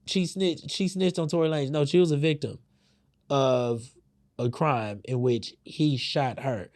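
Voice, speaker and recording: A man's voice: mid-range voice, measured pace, darkish tone. A man hosting a podcast, giving heated, profane commentary with lots of fillers. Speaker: podcast host. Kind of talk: casual opinion commentary.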